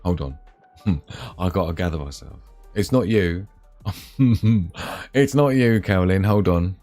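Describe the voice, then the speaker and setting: Man, live stream host, lowish voice, jokey and teasing, laughs a lot, faint music behind. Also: a little slow, darkish tone. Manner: jokey, teasing, laughs often, playful pet names. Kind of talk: casual live chat reading viewer comments.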